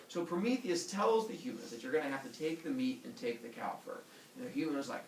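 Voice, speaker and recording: A man teaching a class, retelling a myth with lively acted-out character voices. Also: on the high side, fast talker, slight background noise. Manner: animated, acts out characters with silly voices. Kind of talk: storytelling lesson to students. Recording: echoey room from far off.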